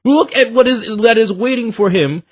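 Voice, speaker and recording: A man hosting a reaction video, talking in animated, joking, slangy banter. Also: very high-pitched, moderate pace, slight background noise. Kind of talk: casual reaction commentary.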